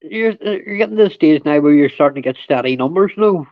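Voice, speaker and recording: A man's voice: on the high side, expressive, fast, no room sound. A man, a guest on a livestream panel, swearing and calling people mate and darling. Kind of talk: casual livestream chat. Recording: dry lo-fi call audio.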